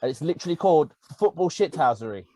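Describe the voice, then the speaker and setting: A man's voice: on the high side, fast, no room sound, low-quality recording. A man co-hosting a casual football podcast, telling stories animatedly. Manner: animated storytelling, laughing. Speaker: podcast co-host.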